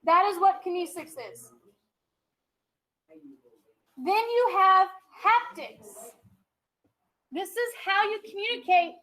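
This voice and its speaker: A woman's voice: very high-pitched, takes it slowly, long pauses, sharp tone, poor audio. A woman teacher giving a classroom lecture. She explains step by step, checks in often with "okay?" and is firm with chatty students.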